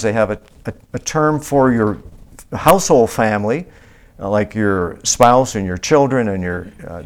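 A man giving a conversational Bible-teaching sermon in church, with many restarts and fillers. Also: medium pitch. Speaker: preacher.

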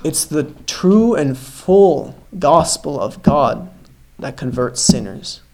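A man's voice: fairly high pitch, animated, takes it slowly, vocal fry, rough recording. A man preaching a sermon, telling a story earnestly and emphatically, calling his listeners brothers and sisters. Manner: earnest, emphatic storytelling, swings between loud stresses and hushed lines.

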